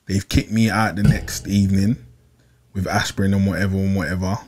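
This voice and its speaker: A young man, telling a long personal story in casual chat, animated and repeating himself, full of slang. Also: sits low, a little fast. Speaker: podcast regular.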